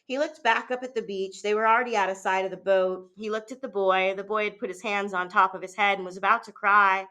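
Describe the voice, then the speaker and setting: A woman teacher reads a novel aloud at a measured, steady pace, now and then pausing on a filler or restarting a word. Her voice is bright and forceful, with a middling pitch.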